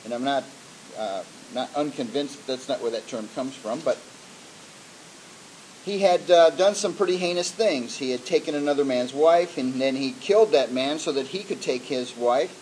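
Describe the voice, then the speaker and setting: A man's voice: mid-range voice, expressive, moderate pace, a little mellow, slight background noise, rough recording. A man preaching a sermon in a conversational way, with frequent fillers and restarts. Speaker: pastor.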